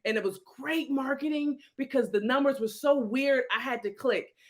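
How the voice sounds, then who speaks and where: A woman, a real estate coach telling her life story as a podcast guest, animated and emotional. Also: high-pitched, moderate pace.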